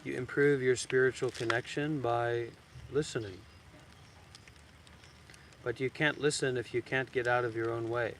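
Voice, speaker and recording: A man's voice: mid-range voice, steady tone, moderate pace, pauses often. A man teaching meditation outdoors in a blunt, teasing way. His voice sits in a middle register, and a faint hiss of outdoor noise runs underneath. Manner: blunt, teasing, suddenly loud then soft. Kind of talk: dharma talk. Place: outdoors in a graveyard.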